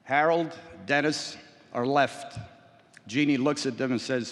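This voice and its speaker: A man's voice: mid-range voice, a little slow. A middle-aged man giving a prepared convention speech from a podium, telling a story with dry humor and many small hesitations. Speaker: convention speaker, port employers' association representative. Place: large convention hall. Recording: long reverb of a big hall.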